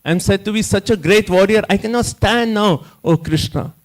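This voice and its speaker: A distraught male warrior in the middle of a breakdown, pleading in a raised, higher voice, as a man speaking to a class puts him on. The pleas come in short, broken phrases. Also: normal speed, natural voice.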